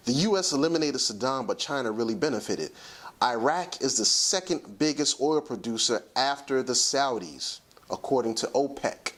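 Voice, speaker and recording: Animated man lecturing on a talk show. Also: medium pitch. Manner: lecturing, emphatic, slows down to stress points. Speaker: commentary show host. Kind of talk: solo talk commentary.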